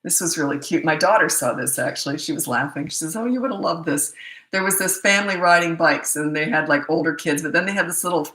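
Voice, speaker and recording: A woman's voice: low-pitched, fast talker, a bit bright. Chatty middle-aged woman in a roomy space. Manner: chatty storyteller who acts out quoted remarks. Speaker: parenting coach and show host. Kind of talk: casual live Q&A chat. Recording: roomy echo.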